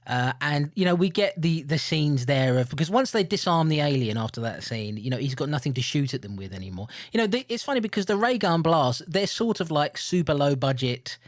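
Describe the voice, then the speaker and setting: A British man co-hosting a film podcast, chatting casually, animated and jokey, laughing often. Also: fairly high pitch, fairly quick, few pauses, no room sound, studio quality. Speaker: podcast co-host.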